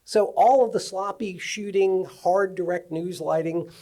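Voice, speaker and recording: Man, cinematographer panelist, mellow dark voice, animated anecdotes, live panel. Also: sits high, measured pace, a little hiss or hum. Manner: animated storyteller.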